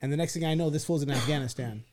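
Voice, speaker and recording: A man's voice: a little high, racing, darkish tone, a little hiss or hum. Slangy profane podcast host, man. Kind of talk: casual podcast chat.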